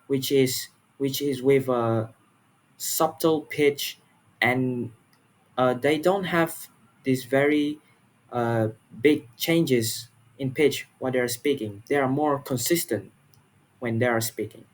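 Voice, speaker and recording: A young man from Malaysia, giving a class presentation in an earnest, halting way, often repeating words and filling pauses. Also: medium pitch. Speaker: student presenter.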